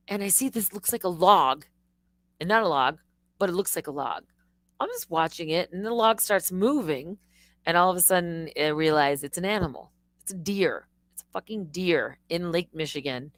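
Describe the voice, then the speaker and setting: A middle-aged woman hosting a live stream, telling stories in a rambling, animated way with swearing and restarts. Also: fairly low pitch, dry recording. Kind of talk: casual live-stream monologue.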